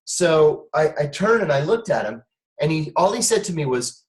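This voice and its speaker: A former intelligence officer, appearing as an interview guest, tells a long personal story and animatedly acts out the voices of the people in it. His voice is on the high side and his pace moderate, but the audio quality is poor.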